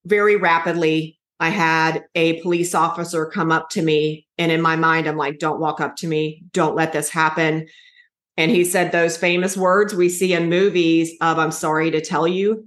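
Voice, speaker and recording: Guest, woman, 40s, lower-pitched, earnest storyteller, roomy echo. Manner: earnest, halting with restarts. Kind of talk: emotional personal storytelling. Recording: echoey room.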